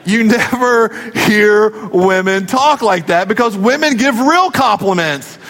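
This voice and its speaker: Man, high voice, pastor, sermon, joking and conversational, long reverb of a big hall. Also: expressive, slow pace, a bit bright.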